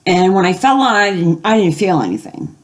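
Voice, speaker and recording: A woman's voice: medium pitch, very animated, fairly quick. Older woman rambling through a home story. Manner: rambling, acts out quoted voices. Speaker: gaming video host. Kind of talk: casual storytelling.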